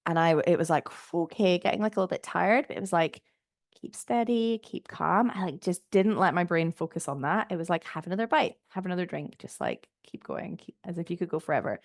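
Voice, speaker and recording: A woman's voice: lowish voice, brisk, dry recording, studio quality. A woman hosting a podcast, telling a personal story in a chatty way, full of fillers and quoting her own thoughts. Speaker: podcast host.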